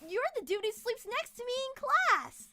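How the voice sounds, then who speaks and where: A clumsy, excitable schoolgirl heroine from a dating game, as a woman puts her on. The voice sits very high and bright, bubbly and dramatic, recorded close with a dry sound. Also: moderate pace, no echo, exaggerated voice. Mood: chatty. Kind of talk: reading an otome game aloud.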